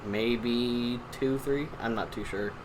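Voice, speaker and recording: A man's voice: medium pitch, steady tone, slow pace, slight background noise. A young man co-hosting a casual podcast, joking crudely and swearing freely as he tells stories. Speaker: podcast co-host.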